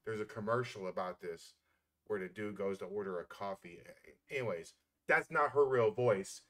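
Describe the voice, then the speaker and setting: A man's voice: lowish voice, normal speed, fairly bright tone. A man giving heated reaction commentary, blunt and scornful, swearing freely as he mocks the clip.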